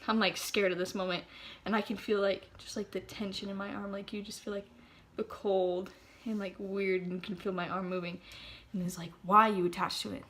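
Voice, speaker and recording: A teenage girl telling a story casually, full of "like" fillers, often dropping to a hushed whisper. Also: medium pitch, level tone, normal speed, slight background noise. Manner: filler-heavy, breathless, drops to hushed whispers. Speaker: vlogger.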